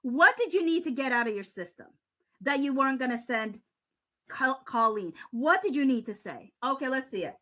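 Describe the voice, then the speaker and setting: Very high-voiced woman reacting aloud. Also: animated, normal speed, a bit bright. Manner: talks to the subject directly, thinks aloud with sighs and restarts. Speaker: commentary vlogger. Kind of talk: reaction commentary while reading a message aloud.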